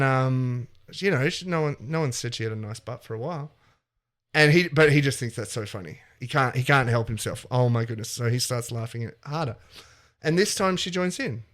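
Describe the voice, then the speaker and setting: Man telling a silly story, playfully animated. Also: mid-range voice. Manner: animated, acts out characters' lines in quotes. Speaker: podcast co-host. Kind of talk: comedic improvised storytelling.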